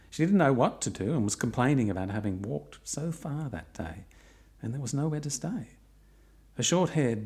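A man's voice: lowish voice, darkish tone. A middle-aged man narrating his own long walk in a reflective way with dry, wry humour. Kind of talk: personal travel narration.

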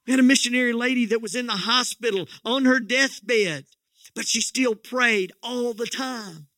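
Bright-voiced folksy pastor, man. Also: very high-pitched, normal speed, no room sound, studio quality. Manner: folksy, joking storyteller with frequent restarts. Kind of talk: sermon.

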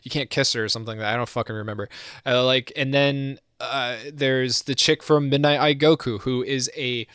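A man's voice: mid-range voice, steady tone, a little fast, fairly bright tone, smooth, no room sound, clean studio sound. A man co-hosting a podcast in casual chat, rambling with many fillers and restarts. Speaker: podcast co-host.

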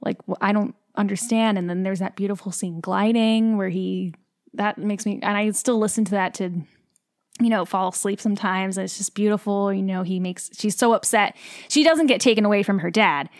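A woman's voice: mid-range voice, fairly quick, no echo, clean studio sound. A young woman, a stage actor, chatting in an interview, talking freely with lots of "like" and getting emotional. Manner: chatty, heavy use of "like", emotional. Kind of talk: casual interview chat.

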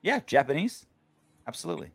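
A man's voice: on the high side, huge pitch swings, brisk, vocal fry, slightly rough. A man hosting a casual sports show after a game, rambling and joking crudely. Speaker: podcast host.

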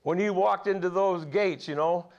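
A man's voice: high voice, normal speed, darkish tone, muffled recording. A man over forty preaching a sermon, telling folksy personal stories and laughing at his own tales. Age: 40s or older.

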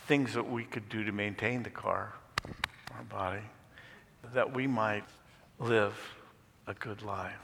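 A male pastor giving a sermon and reading a story aloud in a measured manner. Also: lowish voice, vocal fry, bright, forceful tone, in a large hall.

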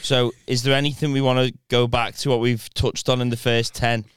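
A man's voice: medium pitch, flat delivery, a little fast, clean tone, no room sound, clean studio sound. A man co-hosting a podcast, steering the chat with questions. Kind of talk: casual interviewing.

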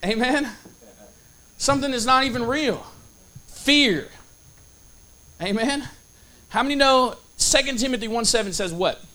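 High, bright-voiced man preaching. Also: expressive, unhurried, long pauses. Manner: storytelling with call-and-response asides; casual, folksy phrasing. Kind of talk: sermon.

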